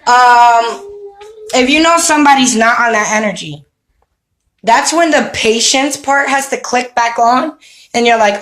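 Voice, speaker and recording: A woman's voice: fairly high pitch, unhurried, a bit bright, poor audio. A woman giving a casual spiritual talk to camera at home, preachy and streetwise, who keeps checking with "you know what I mean?". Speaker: spiritual vlogger. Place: home with children around.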